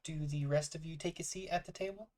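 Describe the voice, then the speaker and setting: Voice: mid-range voice, steady tone, brisk, mellow. A game master running a tabletop game over a call, describing scenes, laughing at themself and swearing now and then. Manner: self-deprecating, laughs often, swears.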